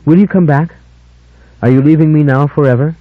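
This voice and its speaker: A man's voice: on the high side, a little fast, dry recording, voice pushed up, close to an everyday voice. A male audiobook narrator voicing an anxious young woman who pleads with urgent questions. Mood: pleading. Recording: dull lo-fi older audiobook, dry.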